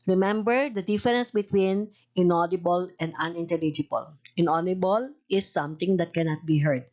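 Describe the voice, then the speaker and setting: Low-voiced woman reading tutorial steps. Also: a little fast, dull audio. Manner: steady, literal reading of rules and examples. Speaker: narrator of a research-methods tutorial. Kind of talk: scripted instructional narration.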